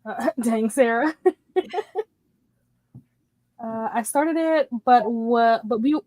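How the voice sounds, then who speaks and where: Higher-voiced woman hosting a livestream. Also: slow, a little mellow, dry recording. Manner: greets chat viewers by name. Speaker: livestream host. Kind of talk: casual livestream chat.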